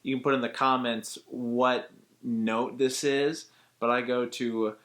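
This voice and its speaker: A male voice actor talks through a vocal technique in a casual tutorial, at a middling pitch. He explains things step by step in a relaxed, chatty manner, like a teacher walking students through an exercise. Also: slow.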